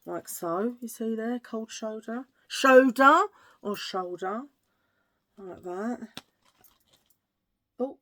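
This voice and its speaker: A chatty British woman rambles through a casual vlog about her shopping haul. She jokes about herself constantly and drifts from one tangent to the next. Her voice sits at an ordinary middle pitch. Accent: British English. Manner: chatty, jokey, rambling, self-mocking. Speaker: vlogger. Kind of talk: casual haul chat to camera.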